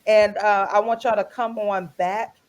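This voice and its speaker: Radio host, woman, chatty and lively, mid-pitched, greets listeners by name. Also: a little slow. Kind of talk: casual group chat on radio. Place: radio studio.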